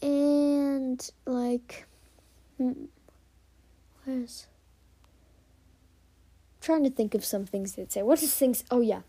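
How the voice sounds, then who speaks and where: A woman's voice: high voice, slow pace, pauses often, mellow, dry recording. A young woman hosting a solo podcast, rambling casually with lots of fillers and some whispered asides. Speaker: podcast host. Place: quiet room at home.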